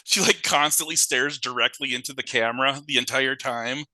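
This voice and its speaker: Brief: young male podcast co-host, very bright and forward tone, dry close mic, lively movie recap. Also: medium pitch, normal speed, dry recording, poor audio. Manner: animated retelling with acted-out quotes and laughs. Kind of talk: casual horror movie chat.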